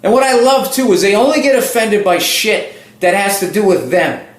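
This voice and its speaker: A man's voice: high-pitched, expressive, moderate pace. A male stand-up comedian in a casual, heated chat, ranting emphatically and swearing a lot. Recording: roomy echo.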